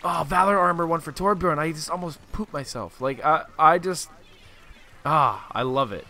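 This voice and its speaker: A man co-hosting a gaming podcast, chatting casually and excitably while playing online, swearing and laughing loudly. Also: on the high side, normal speed.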